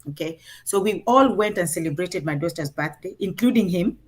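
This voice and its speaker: A woman's voice: fairly low pitch, brisk. A middle-aged woman with a Kenyan accent, telling a parenting story in a conversation and acting out the quotes. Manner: animated, acts out quotes in her story. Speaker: guest sharing a parenting story.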